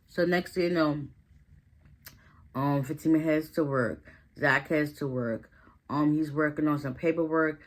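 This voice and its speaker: A woman giving a casual, chatty recap of a TV episode, full of fillers and growing animated as she retells scenes. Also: deep voice, a little slow, pauses often. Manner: chatty, loose, heavy with fillers like "like" and "listen". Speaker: recap vlogger.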